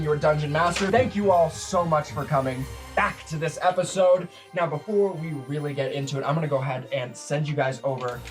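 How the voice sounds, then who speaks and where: A man hosting and narrating as dungeon master, opening a tabletop podcast episode with upbeat, joking patter over faint music. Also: on the high side.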